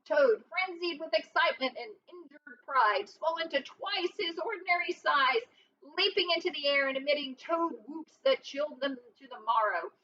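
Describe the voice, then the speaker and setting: A woman's voice: high-pitched, moderate pace, sharp tone. A woman reading a storybook aloud expressively, adding short asides of her own. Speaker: reader. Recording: dull lo-fi with faint hiss.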